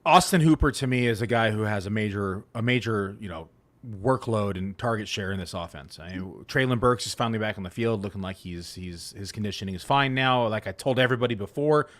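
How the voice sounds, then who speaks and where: Relaxed guy talking fantasy football picks, easygoing and rambly, lots of ums. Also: lowish voice, brisk. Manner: laid-back, rambling with many fillers. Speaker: fantasy football analyst co-host. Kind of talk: casual podcast chat.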